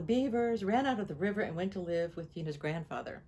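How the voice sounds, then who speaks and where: A woman's voice: mid-range voice, a little fast, few pauses, mellow, a little hiss or hum. A woman reading a children's story aloud in a playful, sing-song way.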